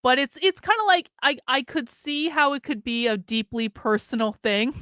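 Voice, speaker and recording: A woman's voice: sits high, animated, normal speed, sharp tone, no room sound, studio quality. A woman streaming a casual, candid monologue, swearing freely and laughing often, with an American accent. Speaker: streamer and commentator.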